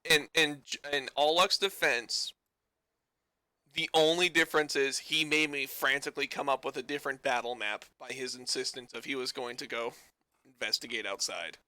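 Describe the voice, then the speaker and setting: A man's voice: mid-range voice, fairly even intonation, normal speed, pushed and bright, dry recording. A man from Canada running a tabletop game, talking casually with swearing and rambling rulings. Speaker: game master.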